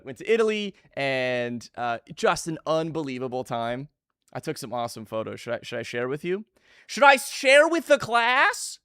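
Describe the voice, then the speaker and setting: A man in his twenties chatting casually with his live stream viewers, energetic and jokey, greeting chat by name. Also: medium pitch, smooth, dry recording, clean studio sound.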